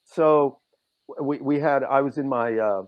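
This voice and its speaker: A man telling stories as a podcast guest, animated and lively, throwing his voice up high when he acts out what people said. The sound is a little dull and lo-fi. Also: a little slow. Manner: animated, acts out quotes with big swings in pitch. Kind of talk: casual storytelling.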